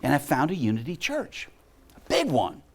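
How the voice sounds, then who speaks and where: A man's voice: fairly high pitch, moderate pace, husky. A man giving a heartfelt storytelling talk to a spiritual community, acting out the voices of people in his stories. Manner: animated storyteller, acts out voices. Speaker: guest speaker and musician.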